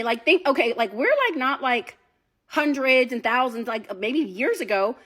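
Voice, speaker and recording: A woman telling a story in a casual, animated way, talking straight to her listeners and swearing freely. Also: high voice, normal speed. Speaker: storyteller recounting a date.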